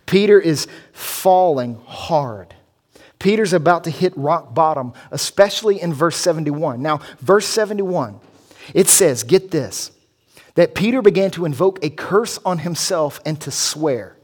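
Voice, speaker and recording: A pastor delivers a sermon in a voice that sits a little higher than most men's. He preaches earnestly, pressing his points with rising emphasis as he explains the passage. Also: expressive, moderate pace, breathy edge.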